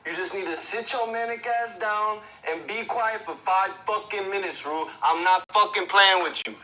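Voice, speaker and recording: An actor playing a calm, blunt young man who firmly tells an anxious friend to sit down and be quiet, swearing for emphasis. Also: high voice, moderate pace. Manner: firm and blunt, swears to make a point.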